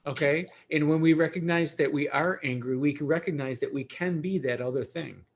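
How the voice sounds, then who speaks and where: A man hosting a spiritual livestream as a Reiki teacher, talking in a gentle, reflective and conversational way. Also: a little high, fairly quick.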